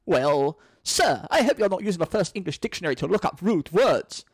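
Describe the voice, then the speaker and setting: A man's voice: high-pitched, big pitch swings, fairly quick, slightly rough, no echo, heavily acted. A man reading a screenplay aloud, voicing a sardonic, scheming male butler with a dry, exasperated manner. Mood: sarcastic. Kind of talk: screenplay read-through.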